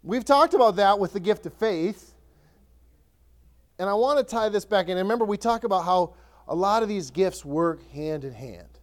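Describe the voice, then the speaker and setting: A pastor preaches in a high-pitched voice at normal speed, keeping the sermon conversational and animated. He often restarts his sentences and acts out scripture.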